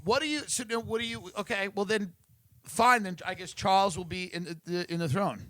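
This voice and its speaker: A man's voice: sits high, a little fast, sharp tone, dry recording. A middle-aged man hosting a podcast, teasing his guest with mock-formal riffs in casual comedic banter. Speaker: podcast host.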